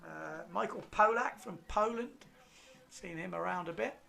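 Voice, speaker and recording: A man's voice: high-pitched, a little slow, gravelly. Chatty man commentating a race. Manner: relaxed, chatty, reads out results with fillers. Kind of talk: live sports commentary.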